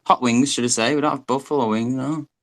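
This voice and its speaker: A man's voice: medium pitch, steady tone, quick pace. A man from the United Kingdom with a British accent, rambling through casual explanations in an online group chat, with many restarts. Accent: British English.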